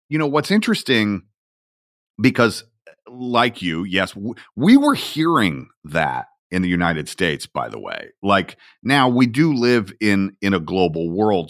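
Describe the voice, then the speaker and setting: Male podcast host, deep voice, reflective storyteller with an unhurried delivery. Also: a bit bright, no echo, clean studio sound. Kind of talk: casual podcast talk.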